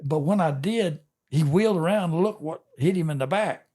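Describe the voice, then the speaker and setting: A man's voice: fairly high pitch, mellow, husky. Older man spinning a yarn. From Texas. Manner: folksy, drawn-out yarn spinning with chuckles. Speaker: fishing captain and guest. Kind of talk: casual storytelling.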